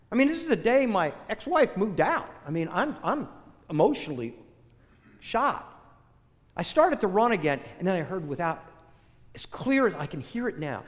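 Older preacher, lively voice, hall echo. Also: male voice, high voice. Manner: animated storytelling, swinging between loud bursts and hushed, soft lines. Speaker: pastor. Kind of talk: sermon. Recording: long reverb of a large hall.

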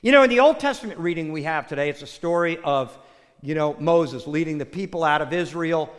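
High-voiced preacher in a reverberant church. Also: male voice, brisk. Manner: folksy storyteller, animated with acted quotes. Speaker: pastor. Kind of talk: sermon with a joke. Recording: long hall reverb.

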